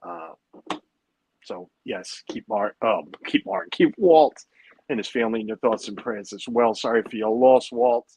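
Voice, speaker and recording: A man's voice: on the low side, expressive, a little slow, a little mellow, husky, no echo, low-quality recording. A man hosting a casual livestream from home, chatting and rambling with lots of fillers. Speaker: livestream host. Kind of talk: casual chat.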